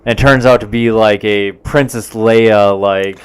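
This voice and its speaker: A podcast co-host recaps a film's plot in a relaxed, casual chat, his smooth, clear voice sitting a little low. He speaks slowly and unhurriedly, hesitating often with "um" and "uh."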